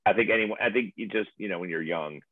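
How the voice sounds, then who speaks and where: A man in his late forties talking in a rambling, excitable way, swearing freely in casual chat. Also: lowish voice, fast talker, no echo. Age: late 40s. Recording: tinny phone line.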